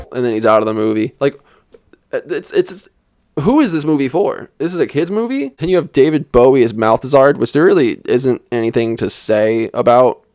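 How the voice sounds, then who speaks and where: A man's voice: mid-range voice, normal speed, darkish tone, no room sound, faint music behind. A young man giving a sarcastic, rambling comedic movie review, with lots of "like" fillers. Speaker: film reviewer. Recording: dry voice-over.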